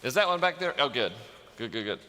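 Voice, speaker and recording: In a long, reverberant hall with faint music in the background, the rehearsal's music director speaks briskly in a pushed, bright, medium-pitched voice with big pitch swings. He's upbeat, scatting rhythms, counting in the players and issuing instructions.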